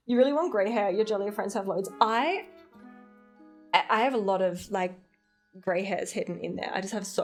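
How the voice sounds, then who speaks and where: A woman with an Australian accent, chatting casually on a livestream, reading chat aloud and joking playfully with light swearing. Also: fairly high pitch.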